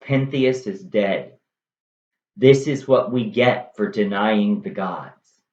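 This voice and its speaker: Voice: medium pitch, slow, darkish tone, echoey room, dull audio, pitched below the performer's own voice, natural voice. A storyteller voicing a somber old king who breaks hard news in a retold stage tragedy. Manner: somber, heavy. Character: grave old king, grandfather.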